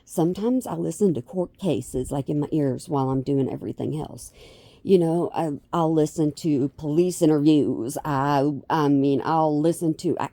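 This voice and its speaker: A woman's voice: low-pitched, normal speed, mellow, dry recording. A middle-aged woman, rambling through a casual vlog with many restarts and self-deprecating asides. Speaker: vlogger.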